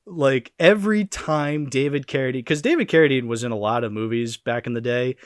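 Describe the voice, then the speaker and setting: A man's voice: medium pitch, brisk, no room sound, studio quality. A man hosting a casual movie podcast, loose and profane, laughing often and launching into playful rants. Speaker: podcast host.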